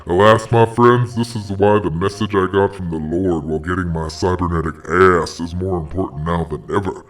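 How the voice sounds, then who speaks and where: A man's voice: low voice, steady tone, normal speed, distant mic. A man hosting a parody hotline, talking in slangy, mock-preachy street lingo. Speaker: host.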